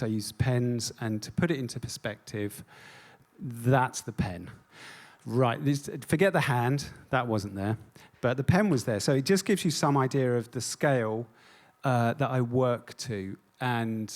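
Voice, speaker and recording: A man giving a stage talk as an artist. He is self-deprecating and jokey, with many ums. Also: mid-range voice. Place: on stage before an audience.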